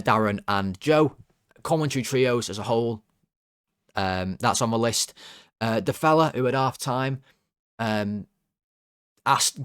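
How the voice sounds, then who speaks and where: A man's voice: mid-range voice, no room sound, clean studio sound. Sarcastic young man ranting about football. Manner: exasperated, sarcastic, rambling with restarts. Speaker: football fan channel host. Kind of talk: ranting football video commentary.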